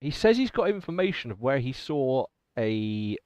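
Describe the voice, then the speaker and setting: A man's voice: mid-range voice, very animated, normal speed, a little mellow, clear, resonant tone, no room sound. A man with an English accent narrating a tabletop game as game master, hesitant and filled with ums, on slightly muffled podcast audio.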